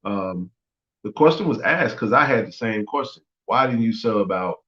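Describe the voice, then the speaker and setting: Excitable man talking sports. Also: moderate pace. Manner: animated, teasing, rising high when excited. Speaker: sports podcast host. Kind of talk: casual sports talk. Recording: roomy, dull lo-fi sound.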